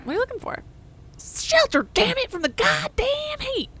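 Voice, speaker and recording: A woman voicing a gruff, half-deaf male tunnel digger who shouts and cusses. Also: extremely high pitch, sing-song, moderate pace, voice pushed up, full character voice. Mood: shouting. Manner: shouts, rough and cussing.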